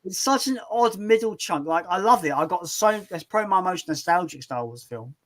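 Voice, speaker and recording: A man's voice: high-pitched, animated, fairly quick, a bit bright. A man hosting a live movie chat, rambling casually with many restarts.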